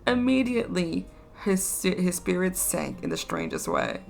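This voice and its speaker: A woman's voice: lowish voice, huge pitch swings, a little slow, vocal fry, soft background music. A woman reading a storybook aloud on a stream, adding chatty, indignant asides.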